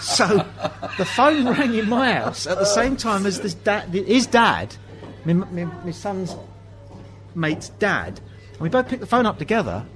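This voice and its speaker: Animated English man telling pub anecdotes. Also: sits high, measured pace, poor audio. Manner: animated anecdotes, acts out dialogue. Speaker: host. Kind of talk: pub chat storytelling.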